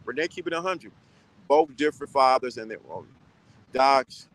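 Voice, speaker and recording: A man's voice: medium pitch, lively intonation, moderate pace, fairly bright tone, no room sound, rough recording. Stern, repetitive man giving advice. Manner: stern, emphatic, repeats his points; rambling with many restarts. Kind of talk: casual advice talk to viewers.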